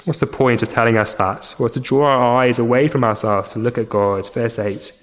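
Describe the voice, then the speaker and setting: A man preaching a sermon as pastor, earnest, often repeating words as he restarts, rising in pitch to stress a point. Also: steady tone, brisk.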